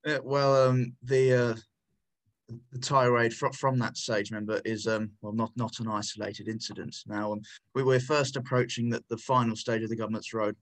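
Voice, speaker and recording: Male podcast commentator, combative and sardonic, stumbling restarts, average-pitched voice. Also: little pitch movement, normal speed, fairly bright tone, low-quality recording. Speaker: podcast contributor.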